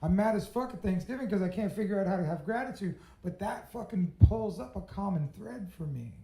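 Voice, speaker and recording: A man's voice: sits high, animated, brisk, vocal fry, dark tone, echoey room, rough recording. A middle-aged man telling a personal story to an audience, swearing freely and laughing at himself. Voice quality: swears freely, blunt and candid. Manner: self-mocking, laughs at himself. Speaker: storytelling speaker.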